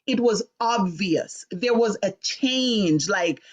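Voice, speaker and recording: A middle-aged woman from Jamaica hosting a live talk stream, telling a personal story with lively, indignant delivery. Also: medium pitch, takes it slowly. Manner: animated, acts out voices in quotes, rising to sharp indignation. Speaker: host of a live talk show.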